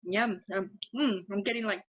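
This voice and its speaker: A woman's voice: medium pitch, moderate pace, slight background noise, rough recording. A woman co-hosting a podcast remotely, chatting loosely, swearing and laughing often. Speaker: podcast co-host. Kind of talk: casual chat.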